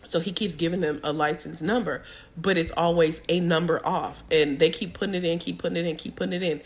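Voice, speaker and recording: A woman's voice: on the low side, very animated, moderate pace. A young woman, telling a story casually and acting out the people she quotes.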